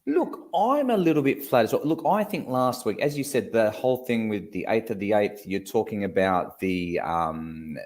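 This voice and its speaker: A man's voice: lowish voice, moderate pace, hardly any pauses. An Australian man co-hosting a casual live-stream chat, talkative and swearing now and then. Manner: chatty, swears casually, animated. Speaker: co-host.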